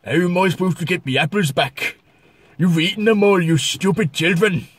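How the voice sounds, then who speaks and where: A man's voice: high voice, moderate pace, slightly rough, dry recording. A grumpy Cornish apple grower, put on by a man, scolding in a broad Cornish accent. His voice is raised and cross, and the sound is dry.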